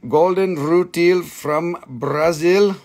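Slow, higher-pitched man selling live. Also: darkish tone. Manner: playful, joking with viewers, talks to himself. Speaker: live-stream seller. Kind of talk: live-stream sales pitch. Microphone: phone.

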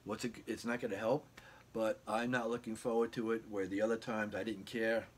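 A man's voice: fairly low pitch, flat delivery, brisk, slight background noise. A man casually telling a long rambling story from his bedroom, acting out the quoted dialogue with lots of fillers and restarts. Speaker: guitar vlogger. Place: home bedroom.

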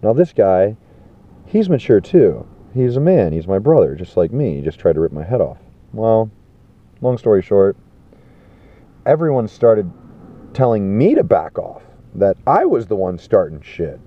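A man telling a rambling festival story, animated and swearing, acting out the people he quotes. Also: fairly low pitch, measured pace. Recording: tinny phone-like sound.

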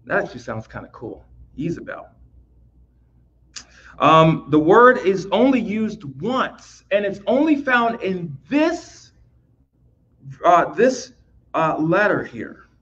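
A man explaining scripture in a loose, talky teaching style, repeating words as he goes and tossing in "right?" to check on his listeners. His voice sits a little high for a man. The recording sounds dull and lo-fi. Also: very animated, slow pace, fairly bright tone, breathy edge. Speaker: Bible teacher. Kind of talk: recorded Bible lesson.

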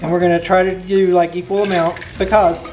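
A woman's voice: lowish voice, flat delivery, fairly quick, background noise. A woman co-hosting a cocktail-making video, chatty, playful and enthusiastic. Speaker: cocktail show co-host, called captain. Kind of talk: casual cocktail-making chat.

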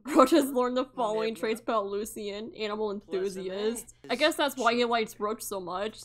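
Excitable high-voiced woman gamer. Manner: excitable, swears a lot, laughs often, shouts in mock outrage. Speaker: gaming YouTuber. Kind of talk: casual gameplay commentary.

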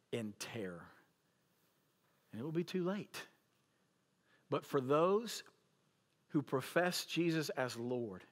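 A male pastor preaching a sermon, emphatic, swinging between loud declarations and hushed lines. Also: on the high side. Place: church auditorium.

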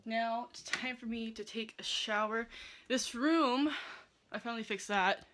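A woman's voice: fairly high pitch, measured pace, fairly bright tone. A young woman chatting casually to her viewers while she does chores, a bit out of breath. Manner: chatty, self-deprecating, addresses viewers directly. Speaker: vlogger. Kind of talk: casual vlog chat. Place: at home, then in a car. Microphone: phone camera on a selfie stick.

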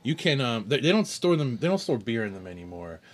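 This podcast co-host chats loosely over a beer tasting, rambling with chuckles, restarts and self-corrections. He has a mid-range voice, very animated and slightly fast.

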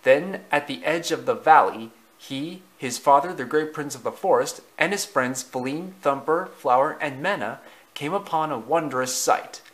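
A man narrating a storybook slowly and deliberately, with small slips in the reading. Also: on the high side, a bit bright, rough recording.

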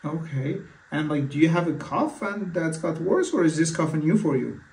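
In a practice consultation where he acts as the physician, this man sounds animated, with a fairly high, gravelly, slightly mellow voice at a moderate pace. He hesitates often, restarting and filling gaps, and the mic sits far away in a reverberant room.

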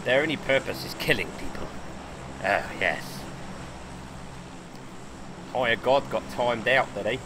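A man giving casual, excitable and sweary commentary while livestreaming a game and talking to his chat. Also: mid-range voice, measured pace, long pauses, noisy background. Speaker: game streamer.

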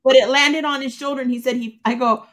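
A woman with a slightly high voice hosts a casual talk, gushing over her guests and telling stories with animated quoted voices. She sounds chatty and open. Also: fast. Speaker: host. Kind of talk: casual chat.

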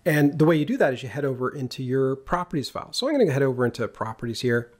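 A man's voice: medium pitch, expressive, quick pace. A man giving a casual, jokey coding tutorial, talking through each step as he types. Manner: casual and jokey, talks while typing code. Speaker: programming instructor. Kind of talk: screen-recorded coding tutorial.

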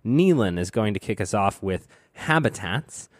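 A man's voice: lowish voice, animated, normal speed, no room sound, clean studio sound. A man hosting a board game podcast, joking and teasing his co-hosts in a playful, chatty way. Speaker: podcast host. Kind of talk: casual podcast chat.

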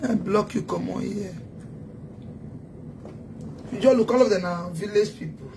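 A woman's voice: mid-range voice, measured pace, vocal fry, dark tone, slight background noise. A woman with a Nigerian accent delivering a heated, taunting social media rant as a self-styled activist. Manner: taunting, scolding, emphatic.

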